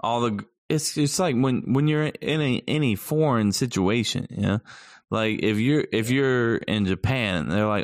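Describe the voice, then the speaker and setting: Male co-host, gravelly, dry close sound, casual rambling chatter with plenty of swearing. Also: mid-range voice, moderate pace, dry recording. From Southern United States. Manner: rambling, swears freely, trails off searching for words. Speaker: podcast co-host. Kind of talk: casual chat.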